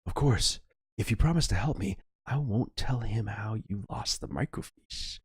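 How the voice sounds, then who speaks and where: A man's voice: fairly low pitch, expressive, moderate pace, slightly rough, no echo, clean studio sound, voice pushed up. A man voicing a nervous, stammering female shop clerk who is a secret spy contact in an old adventure game. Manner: stammering, fearful.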